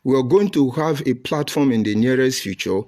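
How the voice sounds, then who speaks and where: A man's voice: mid-range voice, brisk, a little mellow. A middle-aged man with a Nigerian accent giving combative live-stream commentary, reading and answering viewer comments with rhetorical questions and insults.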